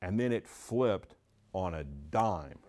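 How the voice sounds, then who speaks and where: A man's voice: low-pitched, slow pace. A middle-aged man giving a training talk to real estate agents, telling stories and acting out the dialogue. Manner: animated storytelling, acting out dialogue.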